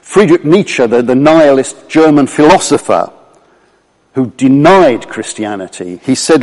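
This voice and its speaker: A man preaching a sermon, earnest and emphatic, slowing down when he quotes scripture. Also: mid-range voice, expressive, a little mellow. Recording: long hall reverb.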